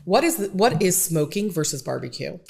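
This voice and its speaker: A woman hosts a conversational interview in a slightly low voice. She asks clarifying questions and keeps up supportive affirmations as her guest speaks. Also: sing-song, fairly quick, gravelly, mellow. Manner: supportive, frequent backchannel affirmations. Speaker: interview host.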